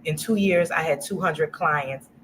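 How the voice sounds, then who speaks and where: A middle-aged woman from Louisiana, a business-owner guest telling her story in a casual interview, animated, acting out quotes and laughing often. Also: sits low, a little slow. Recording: noisy livestream audio.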